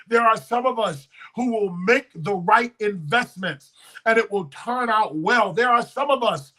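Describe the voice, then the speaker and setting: High bright-voiced preaching man. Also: poor audio. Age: 30s. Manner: testifying, swings from hushed to shouting. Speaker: pastor. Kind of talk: emotional sermon.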